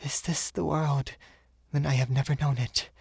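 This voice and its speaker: A man's voice: fairly high pitch, steady tone, moderate pace, vocal fry, darkish tone, husky, no room sound, clean studio sound, pitched above the performer's own voice. A man reading an audiobook, voicing a young woman in love who speaks in an earnest, tremulous way. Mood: wondering.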